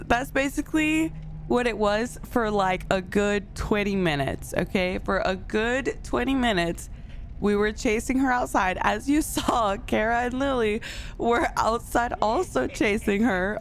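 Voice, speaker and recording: A woman's voice: medium pitch, measured pace, slight background noise. A young woman chatting casually to her viewers, telling a story with lots of laughter between lines. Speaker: streamer.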